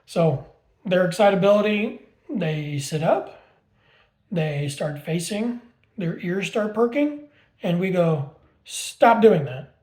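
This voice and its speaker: A man's voice: high-pitched, animated, takes it slowly, long pauses, darkish tone. A man working as a dog trainer, talking casually and bluntly, swearing freely and explaining with homemade everyday comparisons while repeating words for emphasis. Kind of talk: casual teaching talk.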